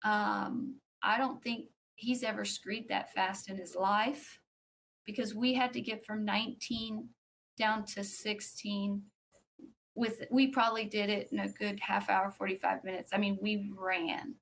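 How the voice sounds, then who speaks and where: A woman, a podcast guest, tells a personal story in a conversational way, acting out what others said and pausing with fillers. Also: medium pitch, gravelly, slight background noise. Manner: animated, acts out quoted speech; frequent fillers and restarts.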